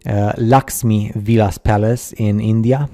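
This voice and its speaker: Dark-voiced man, halting skeptical narration. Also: on the low side, fairly even intonation. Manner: halting, many fillers and restarts, skeptical asides. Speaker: narrator of a slideshow video. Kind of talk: casual voice-over commentary.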